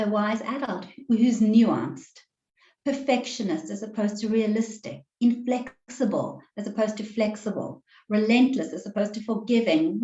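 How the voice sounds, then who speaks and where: A woman relationships coach giving an online workshop presentation in a measured, deliberate way over a video call. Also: medium pitch, darkish tone. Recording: roomy, slightly dull sound.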